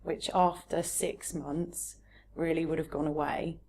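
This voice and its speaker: A woman's voice: low voice, little pitch movement, measured pace, a little mellow, a little hiss or hum. A woman talking openly and earnestly as a guest in a casual podcast chat. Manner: earnest, open, personal.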